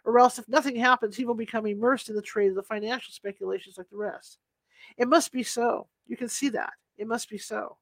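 A woman voicing an excited, insistent male scholar in an audiobook reading, speaking urgently and earnestly. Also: on the high side, brisk, dry recording.

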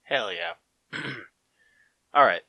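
Slow, laid-back male podcaster. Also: fairly low pitch, animated, bright, forceful tone, no echo. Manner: rambling, laid-back, full of fillers and slang. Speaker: podcast co-host. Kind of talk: casual chat.

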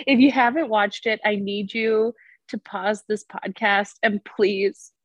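A woman's voice: medium pitch, fairly even intonation, slow, no echo. Enthusiastic woman podcast guest. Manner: enthusiastic, laughs often. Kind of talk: casual podcast chat.

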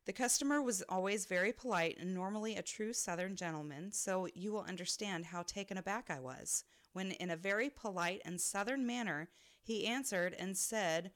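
A woman with a medium-pitched, slightly bright voice co-hosts a podcast at normal speed. She reads listener stories aloud, laughing often along the way.

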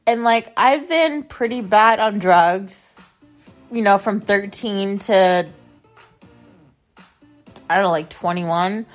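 Young woman podcaster rambling through her story, swears a lot, slow and blunt. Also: medium pitch, soft background music. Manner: rambling, profane and blunt, with repeated words. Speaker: podcast host. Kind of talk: casual storytelling monologue.

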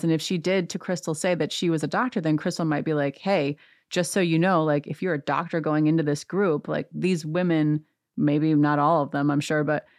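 A woman hosting a reality TV recap, talking in a sarcastic, animated rant. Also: deep voice, no echo, studio quality. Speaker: podcast host.

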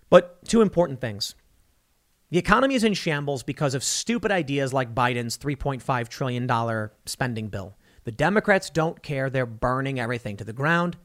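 A man in his thirties hosting an online political commentary show, talking in a rapid, combative and sardonic way. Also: medium pitch.

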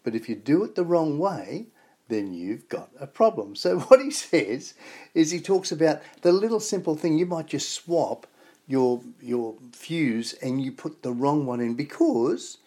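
A man's voice: fairly high pitch, lively intonation, measured pace, warm tone. A man hosting a weekly radio show in an enthusiastic, emphatic, casual way. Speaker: radio host.

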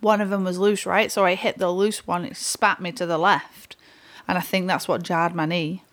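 A woman's voice: fairly low pitch, level tone, fairly bright tone. Woman, podcast co-host, chatty, laughs a lot, swears casually. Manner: laughing, swearing, quick storytelling. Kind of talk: casual chat.

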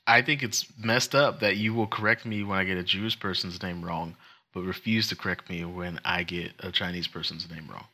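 A man co-hosting a casual podcast, joking and teasing his partner and reading news headlines aloud at a slow, deliberate pace. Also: sits low, steady tone, sharp tone. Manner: joking and teasing, reads articles slowly and deliberately. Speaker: podcast co-host.

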